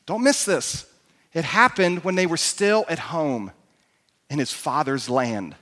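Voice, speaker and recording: A man pastor giving an emphatic, animated sermon in a church hall. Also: on the high side, a little slow. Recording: echoey hall.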